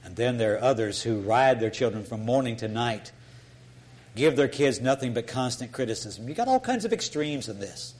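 A man's voice: medium pitch, animated, moderate pace, a little mellow. An older man preaching a sermon in an earnest, folksy storytelling way, often restarting his sentences.

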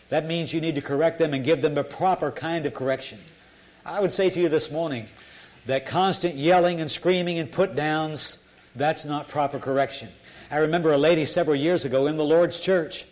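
A man's voice: a little high, darkish tone. An older man preaching a sermon in an earnest, folksy storytelling way, often restarting his sentences.

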